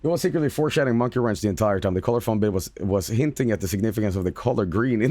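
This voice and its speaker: A streamer and voice actor with a lowish, slightly mellow voice races through a casual livestream chat with few pauses, recorded dry. He talks emphatically, repeats himself, and swears freely.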